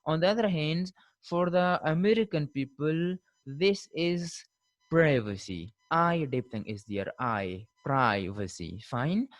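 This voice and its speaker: A man's voice: fairly high pitch, expressive, no echo. Dry-sounding man giving a linguistics lecture. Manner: repeats "fine" as a check-in, models pronunciations slowly. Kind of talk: recorded online lecture.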